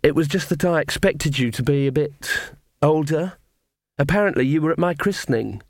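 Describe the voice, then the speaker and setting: A man voicing a shy but defiant young woman who is polite yet can turn sharp. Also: on the high side, normal speed, no echo, clean studio sound, pitched above the performer's own voice, close to an everyday voice.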